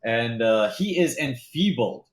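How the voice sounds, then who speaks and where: Lively, animated game master man. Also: medium pitch, measured pace. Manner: loose, excitable narration full of fillers and laughs. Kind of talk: narrating a tabletop game over a call.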